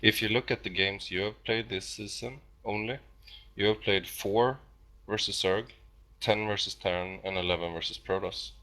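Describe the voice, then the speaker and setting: A man's voice: fairly low pitch, fairly even intonation, moderate pace, hardly any pauses, bright, forceful tone. A man casting esports who is losing his voice, talking casually and arguing his points. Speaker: esports caster.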